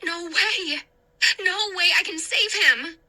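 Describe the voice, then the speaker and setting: A woman's voice: slow pace, exaggerated voice. Woman doing a panicked young ghost girl. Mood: determined. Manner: high, shouting, crying out in panic. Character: terrified young girl ghost, desperate and brave.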